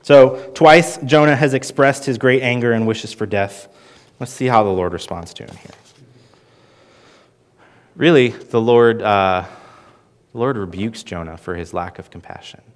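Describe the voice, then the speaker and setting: A man teaching through a Bible passage in an earnest sermon, with lively emphasis and frequent restarts. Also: medium pitch, measured pace, pauses often. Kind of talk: expository sermon.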